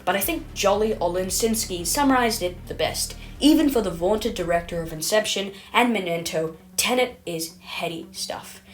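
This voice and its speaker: A woman's voice: medium pitch, animated, moderate pace, few pauses. A woman reading her own video essay in a scripted, self-mocking, rambling way, stumbling over words and correcting herself.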